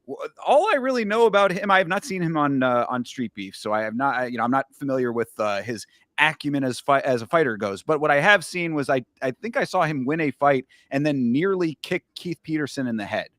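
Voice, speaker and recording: A man's voice: on the high side, expressive, brisk, hardly any pauses, fairly bright tone, no room sound. Podcast host guy, rambly, keeps restarting sentences, dry close sound. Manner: rambling, many restarts and asides. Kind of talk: casual chat.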